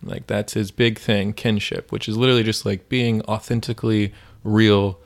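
A man's voice: on the low side, little pitch movement, moderate pace, gravelly. A man co-hosting a faith podcast, chatting casually and retelling stories with many fillers. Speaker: podcast co-host.

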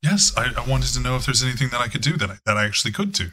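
A man's voice: medium pitch, expressive, racing, bright, forceful tone, husky. A man voicing a confused, rambling older man who stammers and talks ponderously. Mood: earnest.

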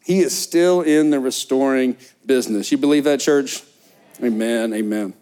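A middle-aged man, preaching a sermon as pastor in a church, telling stories with lively animation. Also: medium pitch, normal speed, clean tone. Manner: animated storytelling, acts out disciples' excited chatter. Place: church sanctuary.

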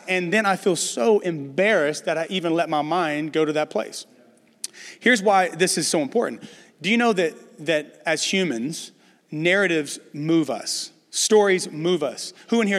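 A man's voice: on the high side, unhurried. A middle-aged man preaching a sermon, telling stories with humor and speaking directly to his congregation. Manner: animated storytelling, addresses the congregation with humor. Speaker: pastor. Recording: long hall reverb.

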